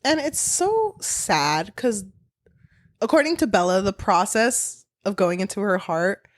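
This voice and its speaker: A woman's voice: medium pitch, sing-song, a little slow, dry recording. A woman co-hosting a book podcast in casual chat, candid and opinionated, swearing casually. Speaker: podcast co-host.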